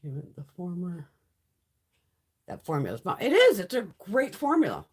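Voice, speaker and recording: A woman's voice: fairly low pitch, wildly swooping pitch, a little slow, husky. A woman hosting a casual beauty livestream, giving blunt, heavily profane opinions in a chatty, rambling way. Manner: chatty, rambling with frequent restarts. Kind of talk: casual livestream chat, reading viewer comments.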